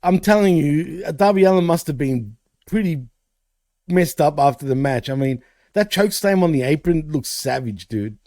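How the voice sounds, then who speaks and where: A man's voice: fairly high pitch, lively intonation, moderate pace, a little mellow, no room sound, studio quality. A man co-hosting a wrestling podcast in casual chat, laughing often and swearing. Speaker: podcast co-host.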